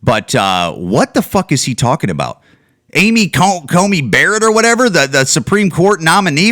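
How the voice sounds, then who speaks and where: A man rants on his own podcast, talking into a home microphone. He swears often and keeps restarting his sentences. His voice sits slightly high and swings widely in pitch. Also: very animated, moderate pace, a bit bright. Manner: heated, profane, with many restarts and repeated words. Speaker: podcast host. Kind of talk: ranting solo podcast commentary.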